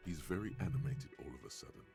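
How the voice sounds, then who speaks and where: A man voicing a wry, knowing narrator in a video game, speaking in dry, deadpan lines. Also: rumbling low, fast talker, creaky. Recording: game audio with faint music behind.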